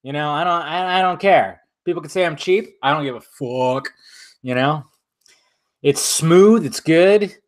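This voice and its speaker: A man's voice: a little high, a little slow. A man hosting a casual live stream, chatting loosely and swearing while he sips a drink.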